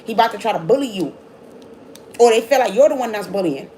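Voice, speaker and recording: Woman tarot reader, quick, blunt and scolding, swears and repeats lines, faint hum behind. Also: a little high, expressive, dark tone, rough recording. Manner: repeats herself, quick restarts. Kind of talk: casual tarot reading.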